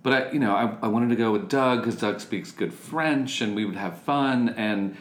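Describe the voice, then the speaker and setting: A man with a somewhat low voice chats casually, rambling through his story with plenty of fillers. The room around him is echoey. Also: normal speed. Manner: rambling, frequent fillers, laughs along. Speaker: conversation participant. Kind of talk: casual chat.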